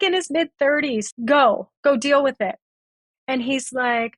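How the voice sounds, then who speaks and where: Her voice is high and a little slow, with no room sound in the recording. As a guest on a podcast, she tells the story of a former relationship, playing both parts of the exchanges.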